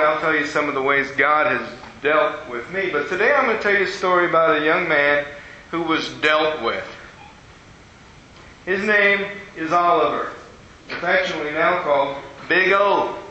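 A man's voice: a little high, moderate pace, bright, forceful tone. A man preaching a sermon, telling a story in a folksy way and acting out the voices of the people in it. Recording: dull, echoey hall with faint ambience.

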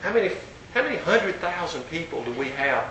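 Folksy preacher in an echoing church. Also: male voice, very animated, fairly quick, pushed and bright. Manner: folksy, earnest storyteller. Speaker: pastor. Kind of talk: storytelling sermon. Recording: very echoey hall, distant mic, faint rumble.

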